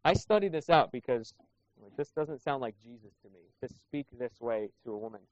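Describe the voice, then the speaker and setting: A man's voice: medium pitch, expressive, fairly quick, no echo. A man preaching a sermon as pastor, talking conversationally and asking the congregation rhetorical questions. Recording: dull lo-fi sound.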